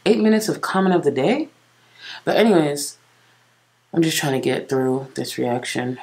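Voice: mid-range voice, animated, moderate pace, darkish tone. A reaction host giving casual, blunt and critical commentary over a clip.

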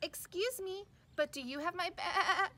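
A woman voicing a small, hopeful lost lamb in a children's storybook reading, asking each animal in a bright, pleading way. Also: extremely high pitch, a little slow, voice pushed up, exaggerated voice.

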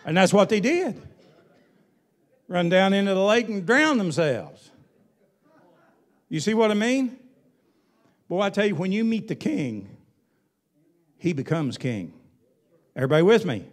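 A man's voice: sits high, very animated, measured pace, long pauses. A male pastor preaching a sermon in an emphatic, folksy way, with colloquial asides.

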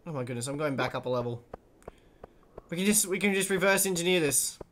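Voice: mid-range voice, expressive, fast talker, a bit bright, slight background noise. A let's play host giving chatty, exclaiming commentary while playing, talking back to the game's characters. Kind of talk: casual gameplay commentary.

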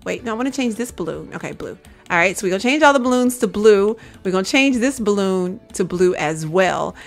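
A woman talks through her gameplay in a loose, casual way, calling her viewers "y'all" and coaxing and scolding the characters on her screen. Her voice sits at an ordinary middle pitch. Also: expressive, a little fast, vocal fry, faint music behind. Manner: chatty, coaxes and scolds her game characters, says "y'all". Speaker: gaming video creator.

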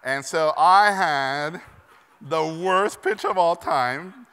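A middle-aged man from Mexico delivers a keynote in a large hall, his bright, crisp voice carrying a long reverb. He tells stories in an animated, self-deprecating way and acts out the voices of the people in them. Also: fairly high pitch, slow pace. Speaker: keynote speaker. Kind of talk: conference keynote storytelling. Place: conference hall.

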